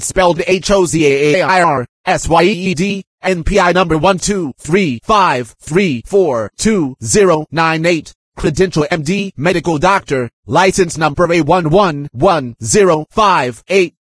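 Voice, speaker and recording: Man, husky and fairly high, reads a message aloud dictation-style, spelling names and calling out punctuation, insistent and aggrieved. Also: a little slow, hardly any pauses, no room sound. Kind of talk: reading a written message aloud.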